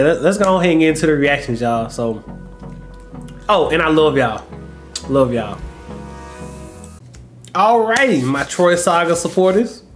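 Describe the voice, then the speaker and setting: Sick, coughing man chatting to viewers. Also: mid-range voice. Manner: rambling, addresses viewers as y'all. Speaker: YouTube reaction host. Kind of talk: casual chat to viewers.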